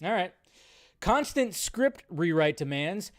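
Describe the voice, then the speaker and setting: A man with a high-pitched voice hosts a live movie news stream. He rants and sounds exasperated, talking straight to his viewers. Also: lively intonation, normal speed. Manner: ranting, exasperated, talks to viewers.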